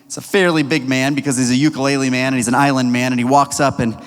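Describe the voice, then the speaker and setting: A young man giving a storytelling youth sermon, energetic and leading the room in call-and-response. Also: mid-range voice, fast talker, smooth. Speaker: youth pastor. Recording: long reverberant hall.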